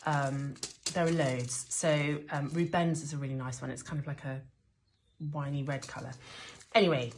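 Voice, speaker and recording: A woman's voice: low voice, steady tone, moderate pace, slight background noise. A woman chatting casually while showing how she sows seeds indoors, rambling with frequent ums and restarts. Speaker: gardener demonstrating seed sowing. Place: indoors, sheltering from a rainstorm.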